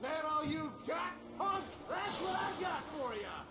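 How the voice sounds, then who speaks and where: Taunting possessed brute in a video game, hollering, high and swooping, echoey noisy mix. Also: male voice, big pitch swings, measured pace, full character voice. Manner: shouting taunts in combat. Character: possessed hostile man, taunting and violent.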